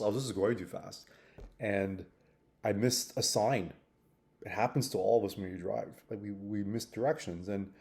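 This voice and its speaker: A vlogger with a lowish, creaky voice and a darkish tone reflects on a personal mistake. His thoughtful, meandering talk is full of fillers and restarts.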